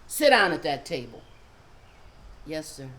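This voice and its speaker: A woman voicing a gruff father who struggles to stay stern through his chuckles. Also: low voice, sing-song, measured pace, fairly bright tone, voice pushed down, exaggerated voice. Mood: mock-stern.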